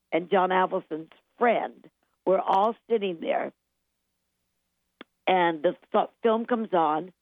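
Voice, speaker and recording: An older woman, a songwriter being interviewed, telling animated anecdotes and acting out what people said, laughing often. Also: medium pitch, dry recording. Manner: lively anecdotes, acts out quotes, laughs often. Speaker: guest songwriter. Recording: tinny phone line, dry.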